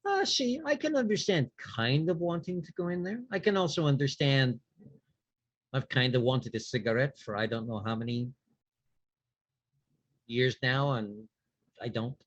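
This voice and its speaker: A man's voice: medium pitch, animated, normal speed, long pauses, no room sound, lo-fi sound, natural voice. A man playing a patient, probing vampire. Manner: patient, probing, dry wit. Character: calm male vampire questioning a ghost.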